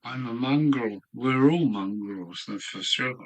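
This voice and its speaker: A man's voice: medium pitch, measured pace, rough recording. A tipsy man with a southern English accent, rambling through a solo live stream from his home hobby room and chanting phrases in a sing-song way. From southern England. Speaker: model railway live streamer.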